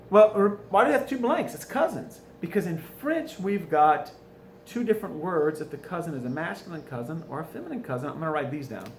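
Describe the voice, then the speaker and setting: A man's voice: on the high side, a little mellow. A man with a South Louisiana accent teaching French, going over answers and asking questions he answers himself. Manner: patient, asks questions and answers them himself. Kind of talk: recorded classroom lesson going over answers. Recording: echoey room, faint ambient noise.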